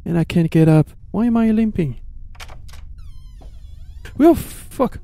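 Jumpy high-voiced man playing a horror game. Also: fairly quick, creaky, mellow, soft background music. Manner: jittery, jumps to high-pitched pleading when scared. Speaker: gamer. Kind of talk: horror game playthrough commentary.

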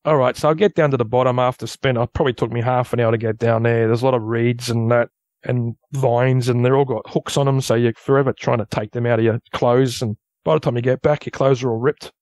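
An Australian man tells his story as a guest, rambling and casual and picking up energy when it gets tense. His voice sits in a middle pitch. The sound is dry and close, with no room around it. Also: fairly quick, no echo. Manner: rambling, loose storyteller who grows animated at tense moments. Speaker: guest recounting an encounter.

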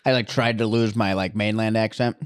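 A man's voice: fairly low pitch, steady tone, a little fast, clear, resonant tone, no room sound, clean studio sound. A man from Hawaii co-hosting a comedy podcast, bantering loosely, laughing often and swearing freely. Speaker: podcast co-host. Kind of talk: casual comedy chat.

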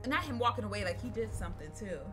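A woman giving casual, profane let's-play commentary, loud and excitable as she yells at the game. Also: mid-range voice, racing. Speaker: gaming channel host. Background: game music.

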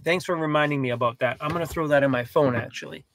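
A young man chatting casually to viewers from inside his van, lively and talkative, fussing over his dog. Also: on the high side, fast talker, slight background noise. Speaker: van life vlogger. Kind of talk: casual livestream chat.

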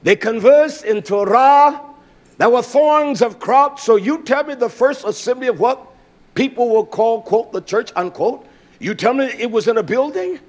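A man with a very high voice preaches a sermon emphatically, repeating key words. He pauses often with "uh" and breaks into bursts of raised volume.

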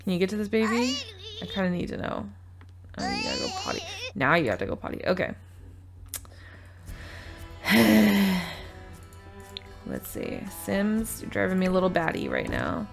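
A woman's voice: on the low side, wildly swooping pitch, moderate pace, creaky, long pauses. A woman casually commenting as she plays a life-simulation game, chatting to and scolding her game characters. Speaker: gaming video host. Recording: game music loud under voice. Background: game music and baby cries.

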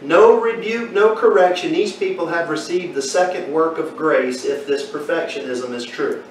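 Male Bible teacher, high voice, questions the class, recorded far off in an echoey room. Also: moderate pace, a little hiss or hum. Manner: asks the class questions, folksy storytelling.

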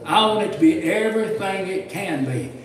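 A man's voice: high-pitched, animated, moderate pace. A man preaching a sermon in a folksy, storytelling way, often repeating his words, recorded in a church hall. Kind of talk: sermon lecture. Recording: echoey hall mic from a distance, faint noise.

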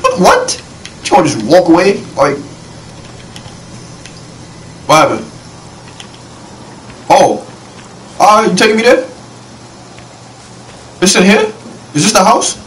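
A young man giving casual, slangy let's-play commentary, reacting to the game with quick excited exclamations. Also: a little high, recorded from a distance, poor audio. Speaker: gaming channel host. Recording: voice a bit off-mic with faint noise.

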